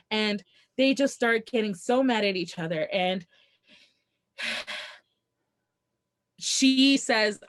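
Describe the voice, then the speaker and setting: A woman co-hosting a casual book podcast, retelling the plot in an animated way and quoting the characters. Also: mid-range voice, takes it slowly, pauses often. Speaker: podcast co-host.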